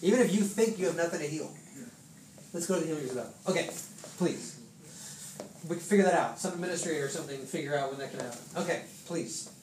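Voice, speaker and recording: A man in his thirties sharing a casual, animated testimony with a church group, full of fillers and acted-out quotes. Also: a little high, fast, reverberant, far from the mic, slight background noise, low-quality recording.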